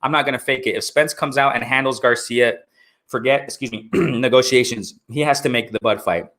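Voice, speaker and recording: A man talks with a bright, forceful voice at a middle pitch. He hosts a casual live stream and answers chat as it comes in. He keeps checking in with his listeners as he talks. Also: a little fast. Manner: talkative, repeats "you know what I'm saying". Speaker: host of a live boxing stream.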